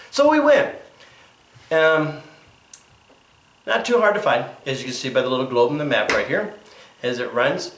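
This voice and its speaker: A man's voice: medium pitch, expressive, normal speed, long pauses, a bit bright, echoey room. Chatty, jokey male archery vlogger. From Connecticut, USA. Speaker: archery video host. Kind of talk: casual vlog narration.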